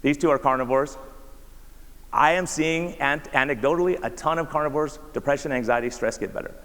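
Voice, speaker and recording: A man's voice: fairly high pitch, a little fast, fairly bright tone. A man, a doctor, giving a conversational talk with slides, often asking the audience rhetorical questions. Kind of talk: conference presentation with slides. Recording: reverberant hall.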